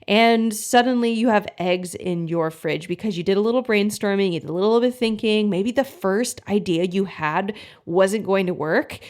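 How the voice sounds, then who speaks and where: A woman's voice: medium pitch, normal speed, hardly any pauses, darkish tone. A woman health coach giving a motivational talk to viewers, encouraging and using everyday examples. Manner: encouraging, uses homely examples and acts out inner thoughts.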